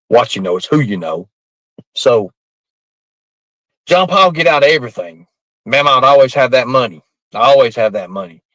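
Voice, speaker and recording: A man with a medium-pitched, slightly bright voice tells a rambling story in a casual way, laughing often through it and swearing freely. The recording is rough, with no room sound.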